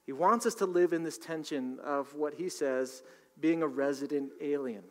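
A man's voice: fairly high pitch, moderate pace. A male pastor preaching a sermon in a conversational style, with asides to the congregation. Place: church sanctuary. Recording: long reverb of a large hall.

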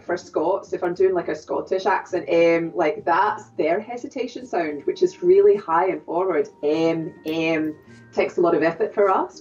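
A woman's voice: on the low side, a little mellow. A woman technique in thoughtful, hesitant answers full of small fillers. She sounds a little distant and muffled, with faint music underneath. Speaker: accent coach. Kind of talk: explanatory interview answers.

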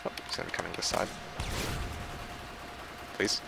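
A man giving casual live commentary while playing an online shooter, muttering, swearing and breaking into yells and laughter. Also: moderate pace, a little hiss or hum. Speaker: gaming livestreamer.

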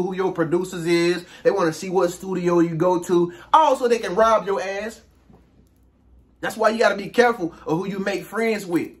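A man hosting his own video, giving a casual, slangy motivational monologue with emphatic rhetorical questions. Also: high voice. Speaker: self-help video host.

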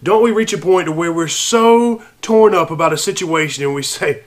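Earnest higher-voiced male preacher. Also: normal speed, few pauses. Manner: earnest preaching, swinging between hushed and raised passages. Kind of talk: evening sermon with scripture reading.

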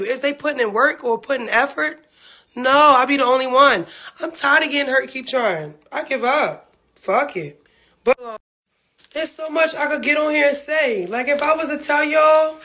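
A woman's voice: high voice, a bit bright. A woman venting to her livestream viewers about family feuds, blunt, profane and heartfelt. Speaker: reality-TV family member livestreaming.

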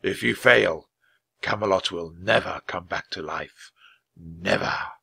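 A mysterious knight from a storybook, booming and stern with slow, heavy words, as a man acts him out. The voice is bright and gravelly. It sounds dry and close. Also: dry recording, exaggerated voice. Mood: solemn.

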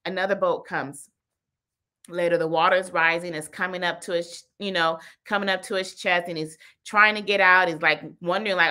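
Woman coach, live-stream talk, animated, chatty, lowish voice, bright and forceful. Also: normal speed. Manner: animated, chatty, heavy use of "like". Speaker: business coach.

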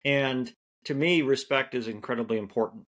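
A man co-hosting a podcast, speaking in a measured, affirming way in casual conversation. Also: mid-range voice, a bit bright. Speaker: podcast co-host.

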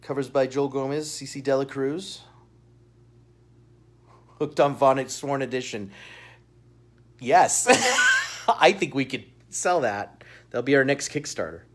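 A man hosts a live comic-shop sales stream, chatting warmly with his viewers. He talks at an easy, conversational pitch, upbeat, and breaks into laughter often. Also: unhurried, pauses often. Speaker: shopping show host. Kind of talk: live-stream product showcase.

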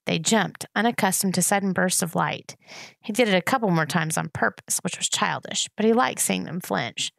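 A woman reading a children's novel aloud in steady, expressive narration. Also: lowish voice, moderate pace, vocal fry, no room sound. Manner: steady, expressive reading, voicing each character. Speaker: reader. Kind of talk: audiobook narration.

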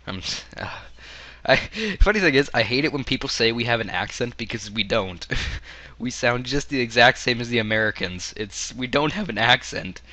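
A Canadian man with a hoarse voice, half losing it, rambling through casual game commentary with joking asides. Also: medium pitch, a little fast, pushed and bright, no room sound. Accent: Canadian English. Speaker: gaming video creator.

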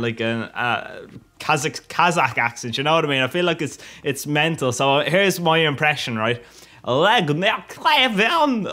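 A man's voice: mid-range voice, bright, forceful tone. A man giving casual, cheeky commentary over a football video game, cracking crude jokes. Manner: cheeky, crude joking with frequent laughs. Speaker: gaming YouTuber.

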